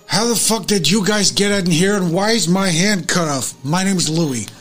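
A young man playing a tabletop game, brash and excitable, swearing loudly in character. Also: high voice, normal speed, faint music behind. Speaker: player.

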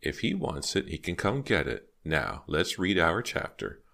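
A man reading aloud voices a frail, sly old woman with a slow, sweetly sharp drawl. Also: low-pitched, wildly swooping pitch, creaky, exaggerated voice. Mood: sly, tart. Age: older.

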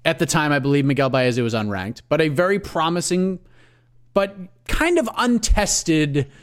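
A man with a fairly high voice co-hosts a casual podcast, his pitch swinging widely as he retells his earlier takes. His delivery is animated and talky, like a storyteller. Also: normal speed. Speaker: podcast co-host. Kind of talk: casual podcast chat about fight matchmaking.

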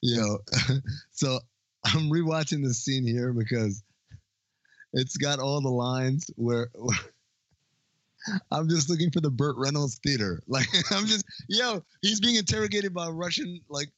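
A man's voice: medium pitch, dry recording, muffled recording. A man co-hosting a podcast, chatting casually about a movie, swearing freely and laughing often. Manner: animated, swearing, quick to laugh. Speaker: podcast co-host.

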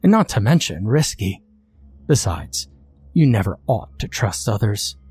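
A sly, scheming demon mother, as a man puts her on. The voice is low and husky with a cold, condescending calm. She sounds quietly menacing. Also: measured pace, heavily acted.

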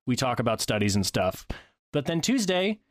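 A man co-hosting a podcast in casual chat, animated, with sudden excited high-pitched bursts. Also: a little fast, no echo, clean studio sound. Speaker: podcast co-host.

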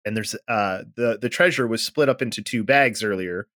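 A man co-hosting a podcast, casually recapping a manga and acting out the characters' lines with lively energy. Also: fairly low pitch, normal speed, dry recording, studio quality. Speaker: podcast co-host.

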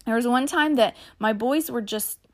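A woman's voice: a little high, moderate pace. A middle-aged woman hosting a solo podcast, talking in a chatty, earnest way and sharing stories about her family. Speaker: podcast host. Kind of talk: casual solo podcast talk.

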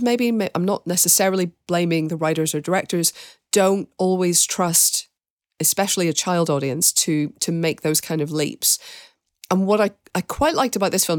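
A woman with a lowish voice hosts a casual film chat. She talks in long, reflective sentences that wind as she works through her thoughts. The sound is close and dry, with no room around it. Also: dry recording. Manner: reflective, thinks aloud in long winding sentences. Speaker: podcast host and film critic.

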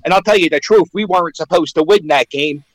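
A man's voice: fairly high pitch, fast talker, no room sound, poor audio. A man calling in to a radio show as a sports fan, trading brash, boastful trash talk. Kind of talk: radio call-in banter.

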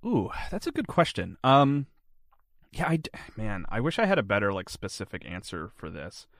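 A man's voice: fairly low pitch, very animated, moderate pace, a bit bright, dry recording. A man chatting casually as an interview guest, rambling and filling his answers with "like". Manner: rambling, heavy use of "like" fillers. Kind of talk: casual chat.

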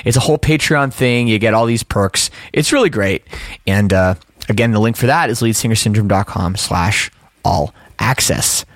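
A man's voice: lowish voice, moderate pace, no echo. A young man with a Canadian accent, hosting a podcast in casual chat, upbeat and chatty while he plugs his channels. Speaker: podcast host.

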